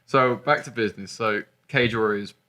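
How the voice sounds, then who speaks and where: A man's voice: fairly low pitch, moderate pace, bright, forceful tone. Jokey man hosting an interview. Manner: chatty, jokey, giggles. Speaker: podcast host. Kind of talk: casual interview chat.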